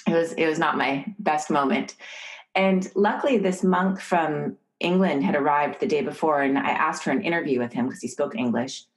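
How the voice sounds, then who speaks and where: A middle-aged woman from the United States, an author and professor, explaining ideas calmly as a podcast guest. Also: sits low, poor audio. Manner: calm, measured teaching. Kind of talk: podcast interview, storytelling.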